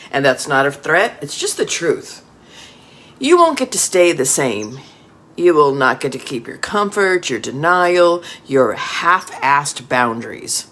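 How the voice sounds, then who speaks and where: A man's voice: fairly high pitch, a bit bright. A man reading a scripted motivational speech in a firm, emphatic way.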